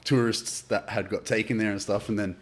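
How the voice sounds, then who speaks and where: A man's voice: fairly low pitch, steady tone, brisk. An Australian man from Adelaide, a podcast guest telling a long story in a loose, rambling way, full of swearing and filler words. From Adelaide, South Australia. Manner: rambling, heavy swearing, lots of "like" and "dude". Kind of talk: casual storytelling chat.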